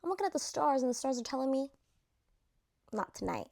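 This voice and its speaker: A woman's voice: high-pitched, very animated, fairly quick, gravelly, darkish tone, full character voice. A woman acting out a hesitant young woman who dodges a kiss with vague, hedging answers. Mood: evasive. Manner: evasive, hedging.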